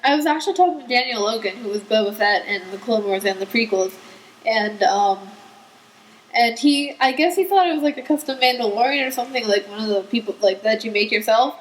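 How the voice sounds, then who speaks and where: A woman's voice: fairly high pitch, a little fast, poor audio. A teenage girl hosting a casual podcast chat, telling chatty stories with laughs. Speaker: podcast host.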